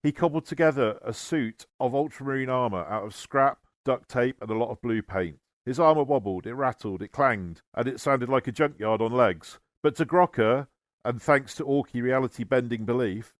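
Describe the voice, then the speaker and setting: A man's voice: mid-range voice, moderate pace, no room sound, clean studio sound. Wry man narrating a comic story. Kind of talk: humorous scripted narration.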